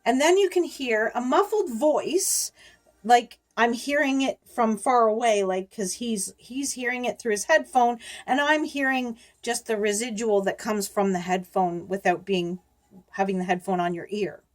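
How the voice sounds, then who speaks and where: Talking to camera a little slowly, a middle-aged woman with a slightly high voice tells her viewers a story warning them about scammers. Her YouTube chat is casual and loose; she rambles, doubles back on herself and laughs between words.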